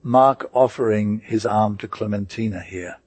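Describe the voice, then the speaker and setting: A man reading a stage comedy aloud as an audiobook, naming each speaker in a plain, even way. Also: on the low side, unhurried, husky, no room sound. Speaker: audiobook reader.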